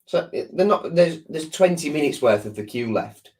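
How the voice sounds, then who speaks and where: A man's voice: a little high, lively intonation, normal speed, a little mellow. A man with a sore throat, chatting casually on a live stream and answering viewers, rambling with lots of restarts and ums. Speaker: football fan channel host.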